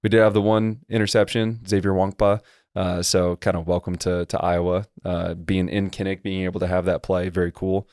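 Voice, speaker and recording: Deep-voiced man breaking down football plays. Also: little pitch movement, a little mellow, smooth, no echo, clean studio sound. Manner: detailed, fast technical football breakdowns. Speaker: podcast co-host and former lineman. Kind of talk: casual sports podcast chat.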